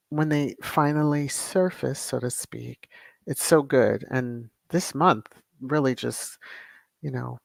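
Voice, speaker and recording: Livestream host, unhurried drawl, gravelly fry, chatty, dry close sound. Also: medium pitch, no echo. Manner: chatty, greets viewers by name, laughs often; drawn-out, unhurried delivery with frequent fillers. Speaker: channel host. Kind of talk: casual livestream chat, reading viewer comments.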